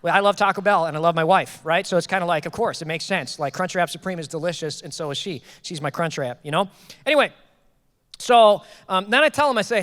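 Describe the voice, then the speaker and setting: A man in his thirties preaching a sermon as pastor, telling a personal story with jokes and lively quoted dialogue. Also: sits high, quick pace. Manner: animated, joking, quotes people in raised voices. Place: church auditorium. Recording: long hall reverb.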